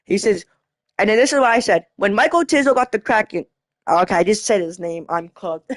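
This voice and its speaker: A woman's voice: medium pitch, a little fast, dry recording. Rambling ranting female vlogger, dry sound. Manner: rambling, restarting and swearing while retelling a chat argument. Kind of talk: casual storytelling rant.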